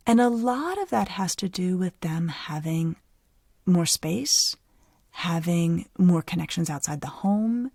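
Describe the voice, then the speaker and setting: A middle-aged woman psychologist hosts a podcast, giving conversational expert advice in an animated, explanatory way and laughing easily. Her voice is on the low side and slow-paced, recorded as clean studio sound with no echo.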